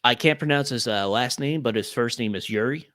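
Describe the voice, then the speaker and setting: A man's voice: medium pitch, fairly quick, a bit bright, dry recording, clean studio sound. A young man on a podcast, talking casually and rambling with many fillers. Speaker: podcast guest.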